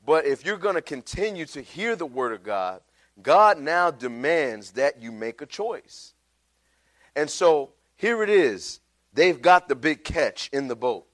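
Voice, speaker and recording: A man's voice: mid-range voice, expressive, measured pace, fairly bright tone. Man preaching a heartfelt sermon. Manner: storytelling, casual and heartfelt. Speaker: pastor. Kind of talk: sermon with personal testimony.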